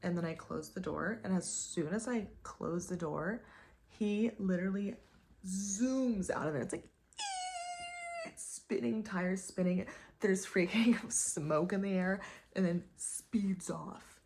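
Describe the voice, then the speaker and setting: A young woman vlogger casually telling a dating story, animated, swearing and exasperated. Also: mid-range voice, takes it slowly, vocal fry.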